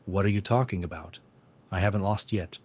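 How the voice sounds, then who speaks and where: A man voicing a cocky young male hero in a recap story, calm and teasing. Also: deep voice, fairly quick, slightly rough, dry recording. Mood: confident.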